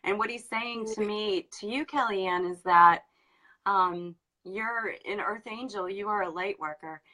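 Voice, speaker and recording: A woman medium giving a channeled reading, gentle and hesitant with pauses. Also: mid-range voice, low-quality recording. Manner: hesitant, pausing with ums, gentle. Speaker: psychic medium. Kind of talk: live online channeling session.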